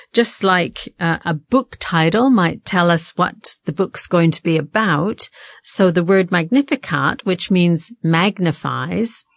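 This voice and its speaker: A woman guest teaching on a Bible passage in a measured, explanatory way with frequent ums and uhs. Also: on the low side, no room sound. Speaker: guest theologian.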